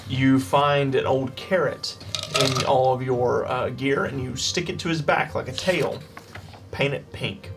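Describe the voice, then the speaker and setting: A man as game master, narrating a tabletop game with halting restarts. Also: medium pitch, steady tone. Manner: halting, restarts while describing. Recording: mic a bit distant, background music.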